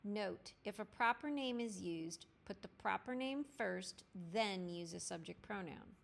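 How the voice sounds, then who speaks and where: A woman teacher narrating a language lesson, clear and deliberate, spelling out grammar formulas step by step. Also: mid-range voice, expressive. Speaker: French teacher. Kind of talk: slow instructional lesson narration.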